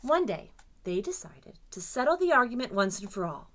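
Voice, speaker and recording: A woman librarian reading a picture book aloud to children with expressive, dramatic storytelling. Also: on the high side, normal speed, slight background noise.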